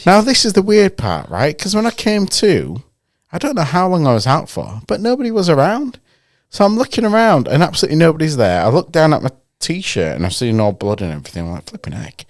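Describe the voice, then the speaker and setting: A man's voice: on the high side, fairly quick, dry recording, clean studio sound. A man co-hosting a podcast, telling a story in a casual chat and acting out the people he quotes. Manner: animated anecdote-telling, acts out the people he quotes. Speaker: podcast co-host.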